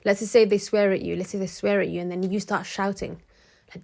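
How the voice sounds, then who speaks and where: A woman's voice: medium pitch, little pitch movement, brisk, vocal fry, a little mellow. A woman vlogging to camera in a frank, chatty way, with many restarts, who acts out the people she quotes. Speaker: motivational vlogger. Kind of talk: casual talk to camera.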